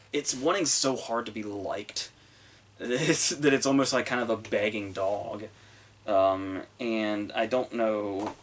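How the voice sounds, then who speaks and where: A man's voice: lowish voice, a little hiss or hum. A man reviewing a film on his podcast in a rambling, casual way, swearing often and restarting sentences. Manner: rambling, profane, full of fillers and restarts. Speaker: movie review podcast host.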